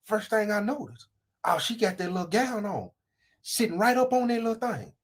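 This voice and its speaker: A woman telling a comic story in slangy, animated fashion, acting out voices and sound effects. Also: medium pitch, moderate pace. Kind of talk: comedic storytelling.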